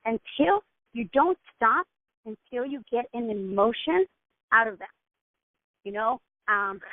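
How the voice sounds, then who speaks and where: A woman mentor talks her team through how to run a session, direct and instructive, checking in with "okay?" after each point. Her voice sits a little high. It comes through a narrow, phone-like line with no room echo. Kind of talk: coaching instruction.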